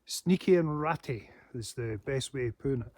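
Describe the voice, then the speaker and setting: A man's voice: mid-range voice, moderate pace, a little mellow. A man rambling in a casual monologue, swearing heavily and laughing to himself. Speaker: paranormal channel host.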